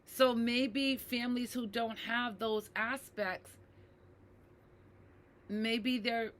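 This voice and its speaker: Slow, earnest woman with a bright voice. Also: fairly high pitch. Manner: earnest, often asks "right?"; addresses viewers as "you guys". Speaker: mental health advocate. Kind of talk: personal talk to camera.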